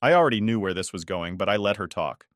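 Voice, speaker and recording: A man in his forties tells a first-person story in a low, weary voice with a resentful edge. The recording is close and dry, with no room sound at all. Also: expressive, quick pace, no echo. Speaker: story narrator.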